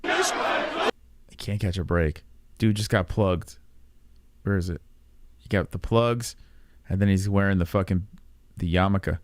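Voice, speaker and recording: A man's voice: low-pitched, big pitch swings, unhurried, long pauses, a little hiss or hum. A man in his thirties hosting a casual reaction stream, rambling with profane sarcasm. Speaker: podcast host.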